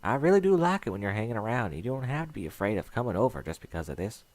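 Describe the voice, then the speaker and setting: A man's voice: on the low side, very animated, fast talker, a little mellow, no echo. A man voicing a kind, frank young female farm pony with a folksy drawl. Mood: earnest.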